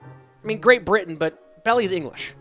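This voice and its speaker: A middle-aged man calling a live esports match as play-by-play caster, energetic and joking with the chat between plays. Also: high voice, moderate pace. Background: music.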